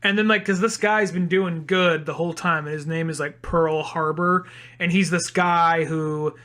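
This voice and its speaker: Podcast co-host, young man, high and bright voice, animated movie recap with acted-out quotes. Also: normal speed. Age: young adult. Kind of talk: casual film discussion.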